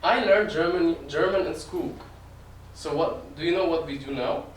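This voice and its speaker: A man's voice: a little high, normal speed, a little hiss or hum, lightly acted. Bold Russian-accented father, put on by a young man, emphatic, distant roomy sound. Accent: heavy Russian. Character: Russian-accented father, loud and matter-of-fact.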